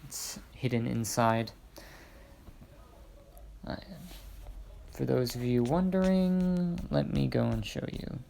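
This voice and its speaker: A man's voice: mid-range voice, slow, vocal fry, pauses often, mellow, slight background noise. A young man casually reading his own fan-made story aloud, drifting into hesitant, rambling asides. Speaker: fan fiction narrator.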